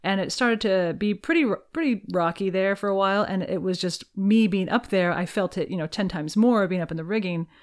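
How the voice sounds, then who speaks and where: A woman with a voice of middling pitch, a guest in a relaxed interview. She tells her sailing memories in an animated way and laughs freely. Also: fairly quick, hardly any pauses. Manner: animated storyteller, laughs easily. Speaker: interview guest, tallship volunteer. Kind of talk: casual interview chat.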